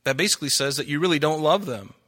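A man's voice: a little high, fast talker, bright, forceful tone. A man preaching a sermon, reading scripture aloud and pressing his listeners with emphatic rhetorical questions. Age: adult. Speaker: pastor.

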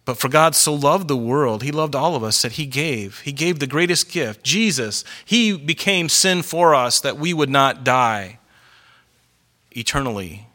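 A middle-aged man preaching a sermon in an earnest, conversational storytelling way, growing animated as he goes. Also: medium pitch, unhurried. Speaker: pastor.

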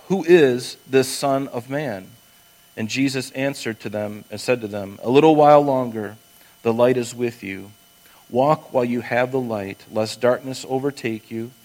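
Conversational male pastor preaching a sermon. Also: low-quality recording. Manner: conversational, emphatic, drops low and quiet for emphasis. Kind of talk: sermon with Bible reading.

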